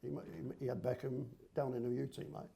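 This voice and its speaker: This podcast guest is an older grandfather who rambles through football stories, homely and full of local slang, in a casual storytelling chat. He talks fast at medium pitch, his delivery flat, creaky and mellow.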